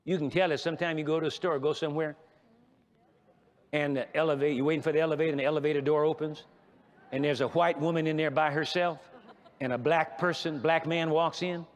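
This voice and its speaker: A man's voice: on the high side, steady tone, quick pace. A male pastor teaching a sermon in an emphatic, conversational way, repeating phrases for stress, in a church sanctuary. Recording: long reverb of a large church hall.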